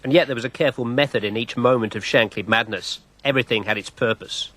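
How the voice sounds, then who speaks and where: A man narrating a documentary in a measured, dramatic scripted read. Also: medium pitch, pushed and bright, low-quality recording.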